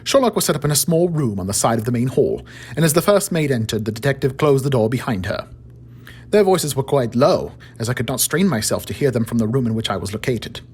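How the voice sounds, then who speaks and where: Storyteller: man, calm measured narration, husky voice. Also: mid-range voice.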